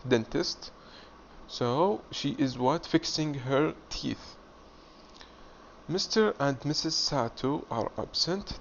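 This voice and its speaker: A man teaching an English reading lesson, explaining slowly and repeating himself step by step. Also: medium pitch. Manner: slow, repetitive, explaining step by step. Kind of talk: classroom video lesson. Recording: dull lo-fi audio with faint hiss.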